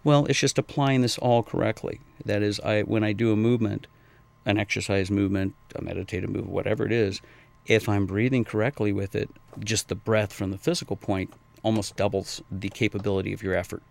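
A man's voice: steady tone, a little fast, creaky. A middle-aged man, a martial arts and fitness trainer, answering interview questions in a rambling, casual way. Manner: rambling, acts out quoted people in high voices.

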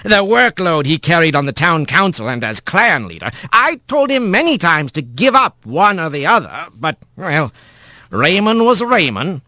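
A man voicing an older, gravelly-voiced male bird doctor who speaks in a measured, gruff, matter-of-fact way. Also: fairly high pitch, sing-song, sharp tone, dry recording, voice pushed up.

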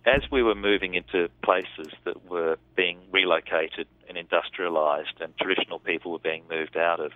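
A man's voice: sits low, no room sound. A man, a film director, talking about his film in a casual interview, thoughtful and rambling with restarts. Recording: tinny phone line.

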